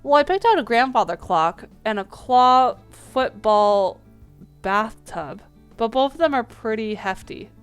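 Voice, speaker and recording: A woman's voice: on the high side, expressive, a little slow, smooth, faint music behind. A woman playing a dating game and reading its text aloud, with small slips and playful asides. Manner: reads lines with small slips and restarts.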